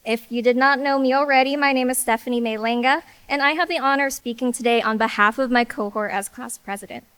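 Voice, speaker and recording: High, smooth-voiced young woman giving a speech. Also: no room sound. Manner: earnest, warm and a little emotional. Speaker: class president. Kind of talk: ceremony speech. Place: hall with audience.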